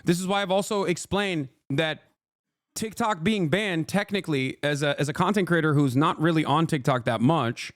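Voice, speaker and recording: A man's voice: fairly high pitch, normal speed, no echo, clean studio sound. A man streaming live, commenting on clips in a rambling, emphatic way and talking to his chat.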